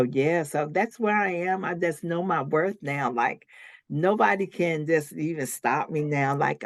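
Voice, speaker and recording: A woman's voice: sits low, dry recording, studio quality. A woman, a licensed minister, telling her personal testimony in an interview in an earnest way, acting out her own past words with sudden rises in voice.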